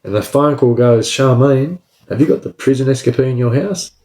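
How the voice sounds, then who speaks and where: A man's voice: medium pitch, moderate pace. A man telling a story from his own life, casual and profane, tagging lines with "bro" and "right?". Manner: profane, animated, says "bro" and "right?" constantly. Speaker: storyteller recounting his prison escape. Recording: roomy echo.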